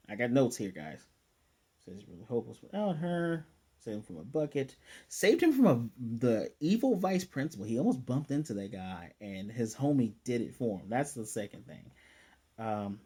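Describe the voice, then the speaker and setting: Mellow-voiced man rambling through an anime recap. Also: medium pitch, husky. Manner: rambling, loose, checks his notes aloud. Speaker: anime reviewer. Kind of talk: casual recap.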